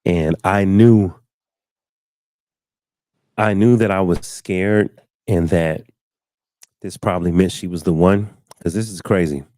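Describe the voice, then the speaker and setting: Man, 30s, talk show host, very low voice, mellow, dry close sound, casual storytelling, animated quoting. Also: slow pace, pauses often, no echo. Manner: animated storyteller, acts out quotes with big pitch jumps. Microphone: studio mic, live stream.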